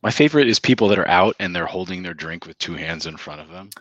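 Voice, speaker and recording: A man's voice: deep voice, expressive, fast, fairly bright tone, dry recording, muffled recording. A man co-hosting a casual podcast discussion, talking in an emphatic coaching way with frequent asides. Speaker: co-host.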